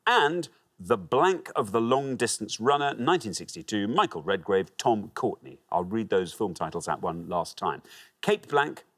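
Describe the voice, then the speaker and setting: A man's voice: fairly low pitch, very animated, moderate pace. A man hosting a TV quiz show, chatty and jovial with the contestants. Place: TV studio.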